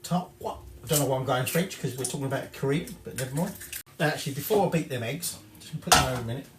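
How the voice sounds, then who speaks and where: A man's voice: mid-range voice, racing, noisy background. Chatty man in an echoey kitchen. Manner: chatty and rambling, corrects himself, casual swearing. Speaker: home cook presenting a recipe. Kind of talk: casual cooking demonstration. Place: home kitchen. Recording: echoey kitchen with clattering dishes.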